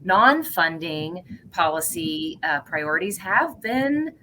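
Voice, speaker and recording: Very low-voiced bright woman. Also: sing-song, slow pace, a little hiss or hum, rough recording. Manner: upbeat, folksy, hesitant with fillers. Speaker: policy staff member. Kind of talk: casual online update talk.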